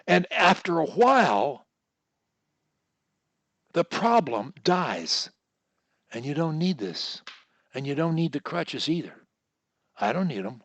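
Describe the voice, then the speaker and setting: A man coaching one-on-one over a video call, explaining techniques in a deliberate, instructive way and drawing words out. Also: fairly high pitch, sing-song, a bit bright, no room sound. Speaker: speech coach.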